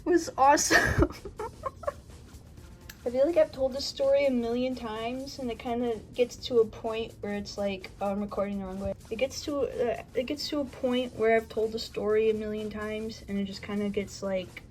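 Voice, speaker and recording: A woman's voice: on the high side, moderate pace, a little mellow, faint music behind, rough recording. A woman vlogging casually about her collection, rambling and laughing as she tells a story.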